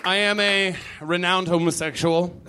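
A man's voice: high voice, fairly even intonation, a little slow, over a noisy crowd, heavy background noise. A man doing a stand-up comedy set on a club stage in a rambling, wry, self-deprecating way. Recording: live club with audience laughter.

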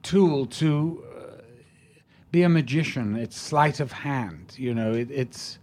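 An older man, an actor being interviewed, telling stories in a rambling, halting way with many restarts. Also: medium pitch, a little mellow. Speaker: actor, guest. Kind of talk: anecdotal storytelling in an interview.

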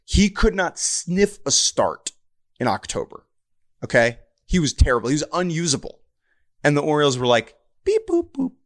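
A man's voice: on the high side, moderate pace. Chatty man co-hosting a sports podcast. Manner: animated, quotes others in mock voices. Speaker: podcast co-host. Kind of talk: casual sports chat.

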